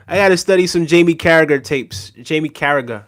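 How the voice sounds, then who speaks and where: A man's voice: fairly high pitch, a little fast, a bit bright. A man hosting a casual livestream, reading out viewer comments and talking back in a laid-back way, often tagging sentences with "right?". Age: adult with a daughter.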